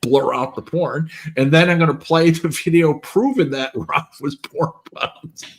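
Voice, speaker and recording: A man's voice: on the high side, a little slow. A man in casual chat, rambling through a story with repeated words and frequent laughs. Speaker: stream co-host.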